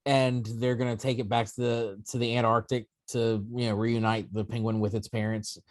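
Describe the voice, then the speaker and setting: A man co-hosting a casual podcast chat, telling stories in a relaxed way with dry jokes. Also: medium pitch, normal speed, dry recording. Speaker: co-host.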